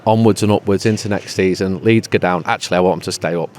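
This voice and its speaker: A man's voice: low-pitched, steady tone, quick pace, darkish tone, a little hiss or hum. A man as a regular pundit in casual podcast chat, joking and rambling before turning rousing. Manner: jokey, rambling, then rousing.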